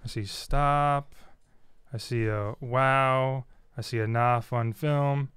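A man's voice: mid-range voice, steady tone, takes it slowly, a bit bright, smooth, no echo. Dry-joking man listing cards. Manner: dry joking, lists cards one after another. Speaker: co-host opening card packs. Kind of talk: casual chat.

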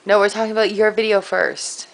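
A woman's voice: mid-range voice, little pitch movement, brisk, vocal fry, rough recording. A woman chatting casually in a home vlog, bubbly and giggly. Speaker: vlogger.

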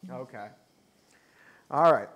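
A man hosting a charity game show stream, upbeat and quick to laugh. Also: mid-range voice, lo-fi sound.

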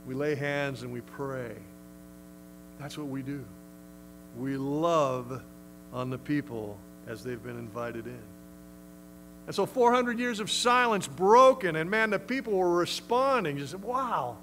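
Brief: male pastor, conversational and emphatic sermon delivery, somewhat high-pitched. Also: animated, measured pace, a bit bright, slight background noise, poor audio. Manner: emphatic, conversational, acts out quotes.

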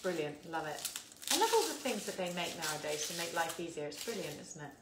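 A woman's voice: on the low side, very animated, quick pace. A woman, chatting casually and laughing as she hosts a live cooking stream from her home kitchen and greets viewers by name. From England. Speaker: cooking show host. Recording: echoey kitchen with faint background noise.

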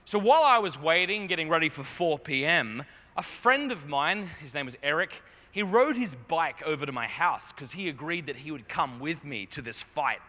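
A man's voice: a little high, animated, normal speed, pushed and bright. A man telling a humorous, self-deprecating story as a speaker to a youth audience in a large conference hall. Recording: long hall reverb.

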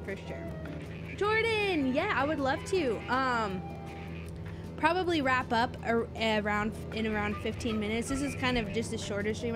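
A woman game streamer in casual live-stream chat, bubbly and gushing as she thanks viewers by name. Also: fairly high pitch.

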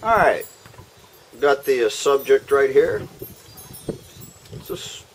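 Outdoors by his backyard smoker, a barbecue vlogger cooks while joking with viewers and speaking to the food in a folksy manner. His medium-pitched delivery is animated yet slow, with frequent pauses, on poor audio with a little hiss or hum.

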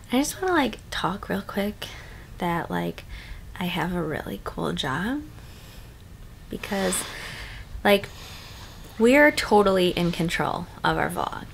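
A pregnant young woman vlogging in casual chat, chatty and full of fillers, often quiet and hushed. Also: fairly low pitch, creaky, slight background noise. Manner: chatty, many likes and ums, hushed late at night.

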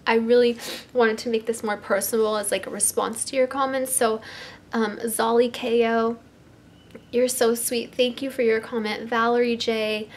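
A young woman talking to her subscribers in a vlog, crying and sniffling, halting and restarting with lots of "like". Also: on the high side, flat delivery. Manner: tearful, heavy use of "like", halting restarts. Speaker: YouTuber.

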